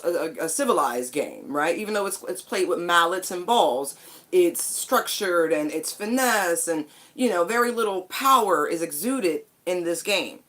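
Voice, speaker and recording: A woman's voice: fairly low pitch, fairly bright tone. A woman giving a casual spiritual tarot reading, chatty and emphatic, with casual swearing. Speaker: tarot card reader.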